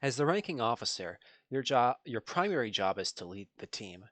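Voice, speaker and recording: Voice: medium pitch, big pitch swings, normal speed, a bit bright, no room sound. A game master playing a dry, stern female colonel. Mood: probing. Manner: dry, probing questions. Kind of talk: tabletop role-play voice.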